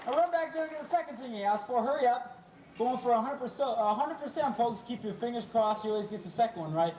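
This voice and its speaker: A man hosting a live animal show, playful and jokey, calling quick commands to a dog and teasing a volunteer. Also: very high-pitched, animated, darkish tone. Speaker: animal trainer and show host. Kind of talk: live stage show patter. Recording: echoey, distant, crowd noise, amateur camcorder. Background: audience cheers and laughter.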